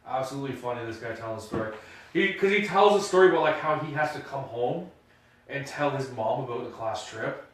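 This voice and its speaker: A man's voice: mid-range voice, fairly quick. A man co-hosting a podcast, telling stories in casual chat and acting out the quotes with gusto. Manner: animated storyteller, acts out quotes loudly. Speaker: podcast co-host. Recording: roomy echo, mic at a distance.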